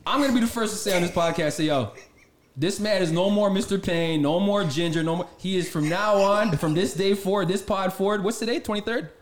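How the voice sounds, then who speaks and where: Teasing high-voiced male co-host. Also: brisk. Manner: loud, teasing, slangy. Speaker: podcast co-host. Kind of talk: casual chat. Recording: roomy with background hiss.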